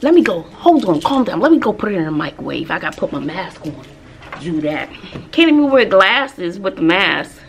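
A woman's voice: on the low side, normal speed, vocal fry, a little hiss or hum. A woman, chatting casually in a vlog. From Texas, USA. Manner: chatty, animated storytelling with asides. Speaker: vlogger and teacher.

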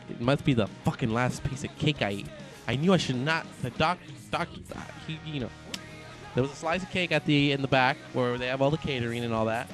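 A young man commentating his own wrestling video game, excitable and joking, swearing often. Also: mid-range voice. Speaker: gaming channel host. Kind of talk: casual gameplay commentary.

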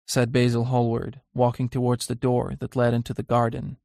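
Dry, measured male audiobook narrator. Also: mid-range voice, completely flat delivery, gravelly, dark tone, no room sound. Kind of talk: scripted narration.

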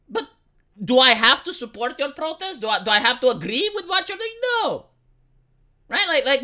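Young woman, Romanian accent, bright and animated, blunt and profane, streamer ranting on camera. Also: high-pitched. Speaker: live-streamer. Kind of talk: casual opinionated commentary.

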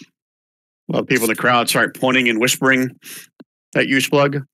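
A man narrating as game master in a tabletop game, casual and halting. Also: medium pitch, fairly even intonation, pushed and bright, no echo. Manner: halting, casual, many restarts.

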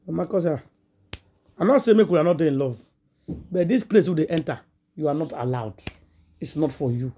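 A woman's voice: low voice, animated, normal speed, pauses often, mellow, husky. A woman with a Nigerian accent, a gossip vlogger retelling a story in Pidgin English and acting out the quoted dialogue in a chatty, dramatic way.

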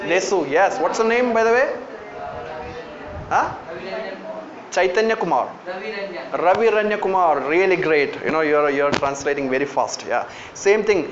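A man's voice: a little high, animated, measured pace, pauses often, a crowd in the background. A man with an Indian English accent giving a classroom lecture on Japanese, coaxing students with lots of fillers and calling on them by name. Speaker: university lecturer teaching Japanese. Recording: echoey lo-fi classroom recording.

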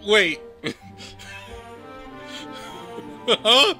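Guy cracking up over a game, bright voice, swings up and down a lot, unhurried. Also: high-pitched, big pitch swings, faint music behind. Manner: laughing, incredulous, exclaiming. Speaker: gaming video creator. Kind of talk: playful game commentary.

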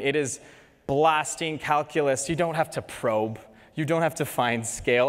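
Canadian man lecturing in a reverberant hall. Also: fairly high pitch. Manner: chatty and joking, animated asides. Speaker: dentist giving a presentation. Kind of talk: lecture to dental students.

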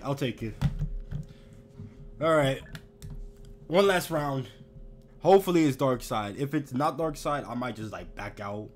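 A young man talks through his video game at a desk mic, dropping from low mutters to sudden yelled outbursts and cursing freely. His pitch leaps all over the place, and he stretches his words out slowly. A faint hiss sits under his voice. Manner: swings from mumbling to yelling, heavy swearing. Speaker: gamer. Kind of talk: live gameplay commentary.

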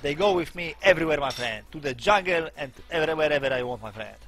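A young man with a Polish accent, a streamer chatting casually in broken English, forever tagging his lines with "my friend" and swinging between mumbled asides and loud outbursts. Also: on the high side, expressive, quick pace, few pauses, soft background music.

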